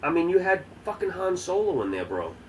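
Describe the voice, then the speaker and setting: A man's voice: high-pitched, very animated, a little fast, low-quality recording. Opinionated swearing guy on a podcast. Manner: profane, opinionated banter. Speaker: podcast co-host. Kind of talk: casual chat. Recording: faint background noise.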